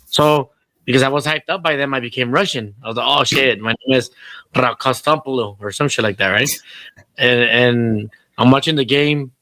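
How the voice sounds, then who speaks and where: A man's voice: mid-range voice, normal speed, sharp tone, no echo. A man co-hosting a podcast in casual chat, telling rambling, profane stories and slipping into Spanish. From Southern California. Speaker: podcast co-host.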